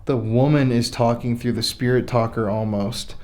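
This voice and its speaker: A man's voice: medium pitch, fairly even intonation, moderate pace, a little mellow, reverberant. A man investigating the paranormal, confronting and taunting a ghost, swearing now and then. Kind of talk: provoking a ghost during an investigation. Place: inside an old historic building at night.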